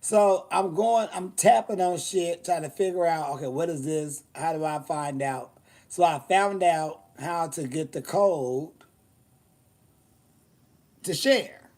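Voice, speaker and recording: A man with a slightly high voice, hosting a loose, chatty show. He tells bawdy stories with sass and theatrical asides, laughing often as he goes. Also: takes it slowly, a little mellow. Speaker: host. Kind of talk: casual storytelling chat.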